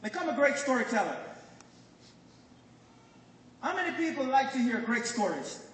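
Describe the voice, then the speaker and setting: Speaking at normal speed in an extremely high pitch, a Jamaican-accented business presenter motivates a live crowd with jokes, stories and questions aimed at the audience. The recording is from a phone far back in the crowd, so the hall echoes and there is faint noise.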